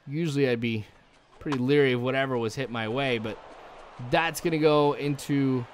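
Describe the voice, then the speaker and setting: A young man giving rambling, chatty let's-play commentary, full of likes and ums, chuckling now and then. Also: medium pitch. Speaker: gaming channel host.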